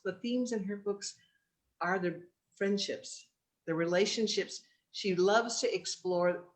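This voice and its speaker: A woman author in casual chat over a video call, thoughtful and rambling, with many restarts. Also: lowish voice. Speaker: guest author.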